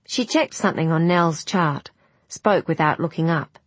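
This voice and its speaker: A woman narrating an audiobook in a measured, restrained way. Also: low voice, no echo.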